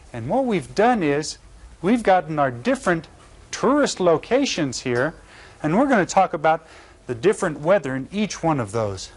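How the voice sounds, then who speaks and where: A man teaching an elementary Spanish lesson, saying Spanish phrases slowly and clearly in a friendly, encouraging teacher manner. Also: a little high. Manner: slow, carefully enunciated Spanish phrases for learners.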